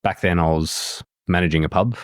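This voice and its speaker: A man's voice: sits low, fairly even intonation, normal speed, no echo, studio quality. An Australian man, a podcast guest, telling his story in an open, matter-of-fact way. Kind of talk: candid podcast conversation.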